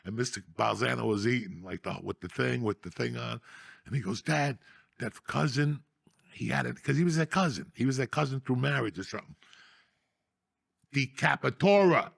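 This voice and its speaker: A man's voice: mid-range voice, a little fast, creaky, slightly rough. A male podcast host telling profane stories in casual chat, laughing through his own tales. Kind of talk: casual storytelling.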